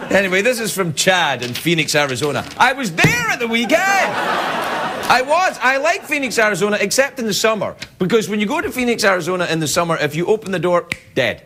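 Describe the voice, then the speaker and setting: Man, late-night host, comic mail segment, teasing, rambling, slightly high voice, noisy studio crowd. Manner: rambling, teasing, self-interrupting. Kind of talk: comic monologue reading viewer mail. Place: television studio with live audience. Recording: loud studio audience laughter, noise.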